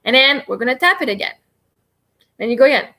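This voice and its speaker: A woman's voice: sits high, animated, fast talker, pushed and bright. A woman hosting a casual livestream, explaining and demonstrating tapping in a chatty, rambling, self-deprecating way. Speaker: livestream host teaching tapping.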